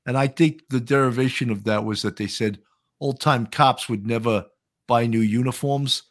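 A man in his sixties, a former police officer hosting a podcast, chatty and animated, laughing often. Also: mid-range voice, moderate pace. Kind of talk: casual podcast chat.

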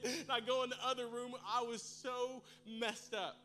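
A man preaching to his congregation, telling a comic personal story with animated, humorous delivery. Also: extremely high pitch, fast, few pauses. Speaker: pastor. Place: church service in a large room.

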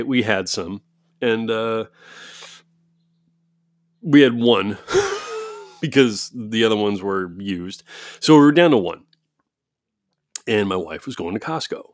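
Profane, animated man ranting, dry studio sound. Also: fairly low pitch, no room sound. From United States. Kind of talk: casual storytelling monologue. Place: home recording studio.

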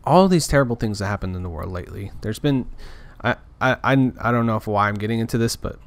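A podcaster with a lowish voice and lively intonation talks quickly in a casual, rambling rant, clearly frustrated and restarting often. There's no echo.

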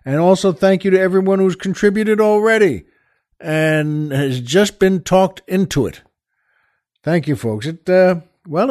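Folksy male host with a higher voice. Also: darkish tone. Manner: folksy, rambling with many fillers. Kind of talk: casual joke telling.

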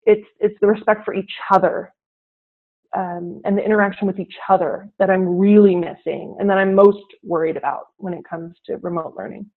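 A teacher, a woman, talks through her classroom experiences as an interview guest. She is animated and slips into the voices of her students as she tells a story. Her voice comes through a tinny, narrow line that sounds like a phone call. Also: mid-range voice, brisk. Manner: animated, acts out classroom dialogue.

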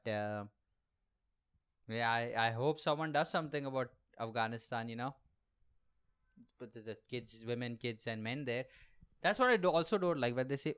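A man's voice: mid-range voice, fairly bright tone, clear, resonant tone. A young man hosting a podcast, doing a rambling, sarcastic comic monologue and laughing at his own jokes. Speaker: podcast host and aspiring comedian.

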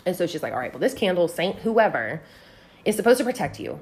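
Young woman, from Texas, casual storytelling, profane, very lively pitch. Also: fairly quick. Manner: animated, profane, acts out voices in quotes.

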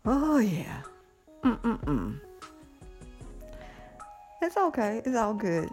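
A woman's voice: a little high, drawn-out words, faint music behind. A middle-aged woman in a casual monologue, giddy and blunt, cursing freely and laughing often. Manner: giddy, animated, swearing freely, frequent laughter. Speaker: vlogger.

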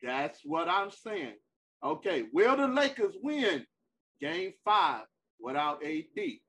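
A man's voice: a little high, sing-song, slow pace, a bit bright, slight background noise, poor audio. A man with a somewhat raised voice holds forth in a casual sports debate. He is emphatic and repeats his point until he has the floor. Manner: emphatic, repeats himself, cuts in. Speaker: sports talk co-host.

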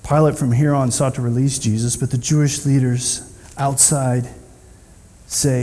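A man preaching a sermon in a church, retelling scripture in an animated storytelling manner and acting out the quoted speakers. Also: medium pitch, unhurried, big-room sound. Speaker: pastor.

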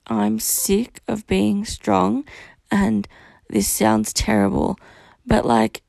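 On her solo podcast, a young woman pours out her feelings in a raw, unfiltered rant, cursing frequently. Her voice is on the high side with vocal fry and a dark tone, recorded without echo.

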